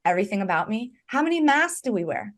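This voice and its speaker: A woman's voice: a little high, fast. A woman talking as a recovery coach in an earnest, conversational way, emphatic and often checking in with "right?". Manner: emphatic, animated, repeats "right?".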